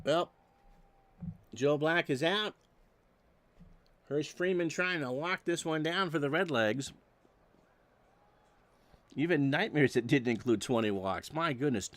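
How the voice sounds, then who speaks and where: High-voiced man calling simulated baseball, joking. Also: takes it slowly, pauses often, a bit bright, dry recording. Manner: dry joking asides between stats, erupts on big plays. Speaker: play-by-play announcer. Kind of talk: solo baseball play-by-play of a simulated replay.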